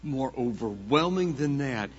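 A man preaching a sermon as the pastor, dramatic and swinging between hushed tones and loud bursts. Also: mid-range voice, lively intonation, measured pace, breathy edge. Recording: dull lo-fi sound with long hall reverb.

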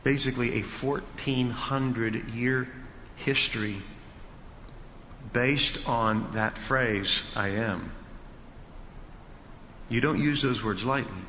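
A male pastor teaching an expository sermon, emphatic and building to loud peaks. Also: medium pitch, slow, pauses often, a little hiss or hum. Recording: dull reverberant hall sound.

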